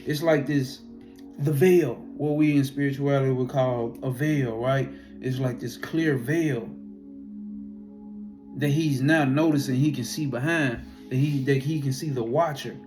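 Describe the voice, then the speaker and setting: A man casually telling a spiritual experience story in a profane, animated way. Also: mid-range voice, a little slow, over music.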